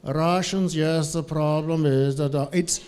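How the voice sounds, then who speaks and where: Male conference speaker, animated, slightly high voice, plenty of up and down in delivery. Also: unhurried, clear, resonant tone. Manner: animated, varies tone and tempo. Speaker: conference speaker on English for Russians. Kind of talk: lively conference talk.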